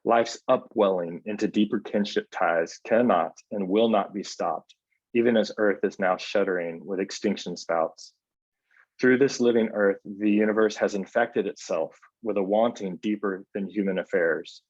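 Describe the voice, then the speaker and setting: Low-voiced man, soft and hesitant. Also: no echo, highs cut off. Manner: soft-spoken and unhurried, with frequent hesitations. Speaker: book editor hosting a book club. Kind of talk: online book club talk and reading aloud.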